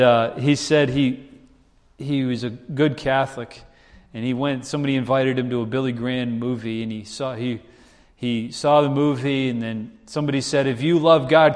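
A man preaching a sermon in a conversational style, his pitch rising whenever he acts out quoted voices. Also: in a large hall. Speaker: pastor.

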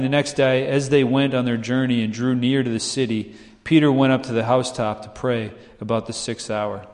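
A pastor preaches a sermon conversationally, often asking "right?" and acting out the voices of people in his stories. He has a medium-pitched, darkish voice, and the recording carries a long hall reverb.

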